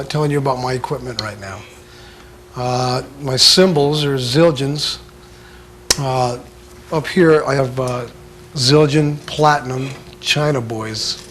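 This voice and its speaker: A man giving a casual drum lesson, talking in a laid-back, halting way full of filler sounds. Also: mid-range voice, a bit bright, slight background noise. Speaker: drum instructor. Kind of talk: casual instructional talk.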